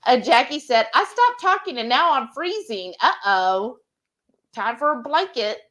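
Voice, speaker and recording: Speaking a little slowly in a high voice, this woman co-hosts a live cooking stream. She welcomes viewers by name and reads out their comments with lots of animation.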